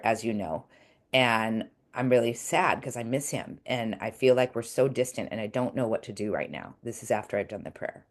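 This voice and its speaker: Chatty woman coach teaching over a video call. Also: rumbling low. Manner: chatty, earnest, many fillers and restarts. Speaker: coach and webinar presenter. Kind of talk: casual teaching talk.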